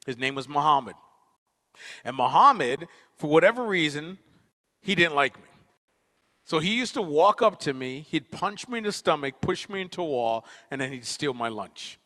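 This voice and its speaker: A man giving a storytelling conference talk, playful and quick with joking asides. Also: on the high side, animated, pushed and bright. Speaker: keynote speaker and performer. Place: university auditorium. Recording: long auditorium reverb.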